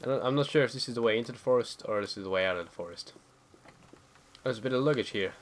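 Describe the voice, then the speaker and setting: A man narrating his own gameplay in a loose, excitable way. He is quick to get spooked and swears casually, and his voice sits at an ordinary middle pitch. Faint noise sits behind him. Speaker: let's play gamer.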